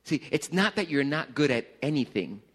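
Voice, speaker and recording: A middle-aged man preaching a casual youth sermon in a church hall, joking and swinging between loud bursts and hushed lines. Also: on the high side, big pitch swings, normal speed, husky. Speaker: pastor.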